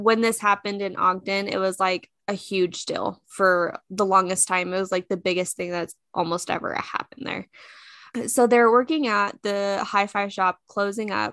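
A woman's voice: mid-range voice, fairly bright tone, dry recording. A woman hosting a podcast, telling a true crime story in a casual, chatty way with many fillers and shifts of speed.

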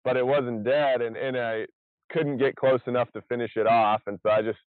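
A man's voice: medium pitch, normal speed, no room sound. Man on a tinny, phone-like line. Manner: rambling, restarts often, excited retelling. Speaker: podcast guest, survival show contestant. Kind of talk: casual podcast chat.

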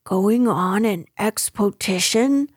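A woman voicing a simple, cheerful, honey-loving bear who sounds gently puzzled. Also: medium pitch, steady tone, slow pace, breathy edge, no room sound, clean studio sound.

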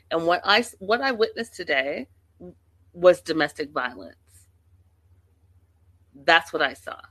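Slow, bright-voiced indignant woman vlogger. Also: fairly low pitch, dry recording. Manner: emphatic, indignant, swears freely. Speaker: reality TV commentator. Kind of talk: casual opinionated recap.

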